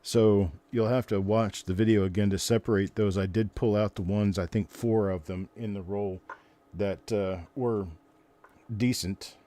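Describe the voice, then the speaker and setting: An older man hosts a live stream in a relaxed, rambling chat, answering viewers as he goes. His voice sits low and sounds warm and mellow. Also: a little slow.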